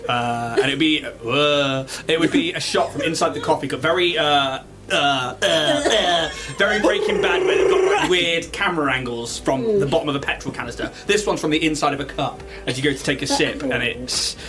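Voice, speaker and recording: A game master narrating a tabletop game, describing scenes like camera shots in a lively, casual way. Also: medium pitch, moderate pace, hardly any pauses, loud music behind the voice.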